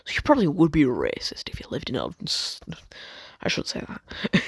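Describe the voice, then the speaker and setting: A man's voice: on the high side, wildly swooping pitch, a little fast, creaky, husky, no echo, clean studio sound. A man rambling through a fan story, swearing a lot, cutting himself off and joking about it. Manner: rambling, sweary, self-interrupting, jokey.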